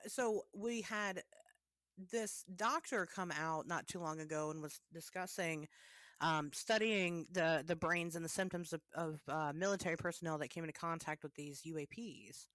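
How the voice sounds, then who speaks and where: Woman co-host, hesitant and halting. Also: deep voice, fairly bright tone, no echo, studio quality. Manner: hesitant, many fillers and restarts. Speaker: podcast co-host. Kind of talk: casual podcast chat.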